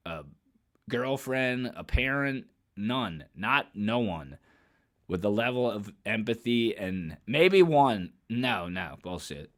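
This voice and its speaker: Man, casual vlog commentary, bright and sharp voice, blunt and emphatic, swearing, repeated phrases. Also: fairly low pitch, lively intonation, slow pace. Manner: emphatic and blunt, swearing freely, with sudden loud bursts; repeats phrases and restarts while building a point. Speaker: commentary vlogger.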